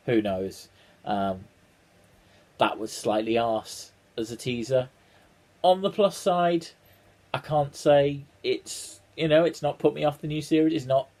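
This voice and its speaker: A man talks to his viewers in a loose, casual vlog. His voice sits at an ordinary middle pitch. He rambles, trails off into ums and restarts, and drops in the odd dry swear word. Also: dark tone. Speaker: vlogger reacting to a trailer. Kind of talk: casual chat to camera.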